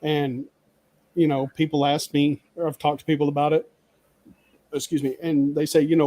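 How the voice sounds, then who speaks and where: A man's voice: a little high, flat delivery, a little fast, long pauses, mellow, no echo. A man co-hosting a casual chat, telling stories in a rambling way full of fillers. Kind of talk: casual storytelling.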